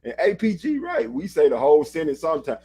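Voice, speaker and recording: Guy cohosting a podcast, kinda high husky voice, loose and emphatic, cusses a bit. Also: wildly swooping pitch, quick pace, warm tone. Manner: loose and emphatic, swears casually. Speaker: podcast co-host. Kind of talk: casual chat.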